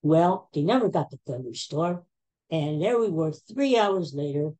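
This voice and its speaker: A man's voice: fairly high pitch, animated, measured pace, dark tone. A man in his sixties with a Philadelphia accent, hosting a podcast as a casual chat and telling rambling stories with self-mocking asides. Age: 60s. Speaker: podcast host.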